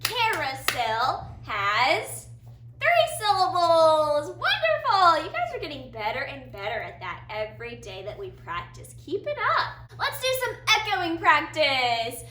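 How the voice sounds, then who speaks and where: A woman teacher leading a phonics lesson for young children, in a sing-song, slow and encouraging way with big praise, in a classroom. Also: sits high, huge pitch swings, sharp tone, distant mic. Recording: roomy sound from a little off the mic, faint room hiss.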